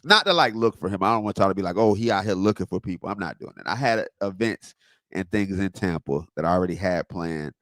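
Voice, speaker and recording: A man's voice: low-pitched, quick pace, dry recording, studio quality. A man from Southwest Florida chatting casually on a livestream, telling stories and answering viewers' comments. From Southwest Florida, USA. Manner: animated storyteller, reacts to chat. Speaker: live streamer answering chat.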